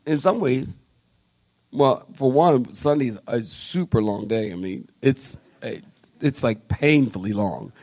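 A man's voice: mid-range voice, measured pace. A male pastor preaching a sermon in a church, acting out little quotes as he tells stories. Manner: animated storytelling preacher, acts out quotes. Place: church sanctuary.

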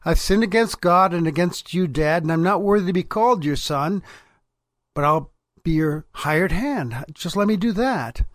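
A man's voice: sits high, lively intonation, normal speed, dry recording, studio quality. A man voicing a repentant young man rehearsing an apology to his father. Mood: remorseful.

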